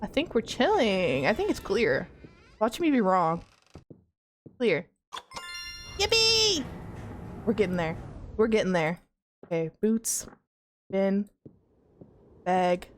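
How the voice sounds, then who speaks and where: A woman's voice: mid-range voice, big pitch swings, takes it slowly, long pauses, a little hiss or hum. A young woman streaming a horror game, jittery and talking to her chat as she checks things off aloud. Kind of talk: casual horror game let's play.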